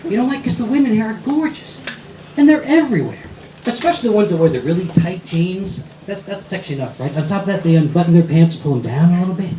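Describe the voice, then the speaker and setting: Exasperated New York stand-up comic with a lively, swinging voice, recorded in an echoey club. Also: male voice, high voice, a little hiss or hum. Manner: exasperated, rapid-fire complaining with rhetorical questions. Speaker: stand-up comedian. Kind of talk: stand-up comedy routine. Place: comedy club stage. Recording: echoey club with loud audience laughter.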